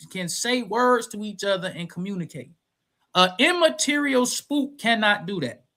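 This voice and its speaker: Bright, high-voiced man arguing insistently. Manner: insistent, repeats his points, talks over interruptions. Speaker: debater. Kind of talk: heated debate over a live stream.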